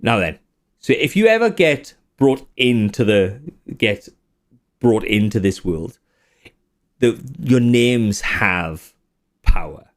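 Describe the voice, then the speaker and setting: A man narrating as game master, casual and prone to laughing. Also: on the low side. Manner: laughs a lot, casual and chatty.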